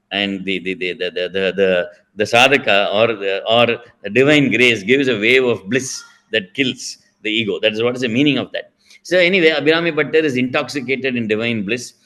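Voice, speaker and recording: A man's voice: mid-range voice, a bit bright. Indian guy explaining a spiritual story, lots of uhs and restarts, mid voice. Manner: explanatory, digressive, many restarts and fillers. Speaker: spiritual speaker. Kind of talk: devotional storytelling talk.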